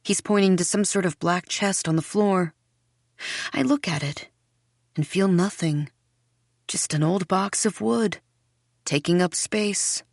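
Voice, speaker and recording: A woman reading a first-person mystery audiobook in a dreamy, unhurried, faintly unsettling way. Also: fairly low pitch, darkish tone, no room sound, studio quality. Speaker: audiobook narrator.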